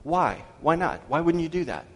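Preacher in a reverberant hall. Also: male voice, a little high, sing-song, vocal fry. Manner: preacherly, asks the congregation questions, slows for scripture reading. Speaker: pastor. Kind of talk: sermon.

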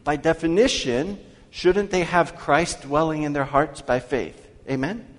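A man preaching a sermon as pastor, asking his congregation questions and slowing down to read scripture aloud. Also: a little high. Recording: long hall reverb.

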